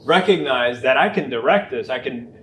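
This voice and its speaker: A man who works as a coach, speaking in a measured, reflective way and often checking in with "right?". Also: mid-range voice, lively intonation, fairly bright tone. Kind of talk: casual podcast conversation. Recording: roomy sound with faint noise.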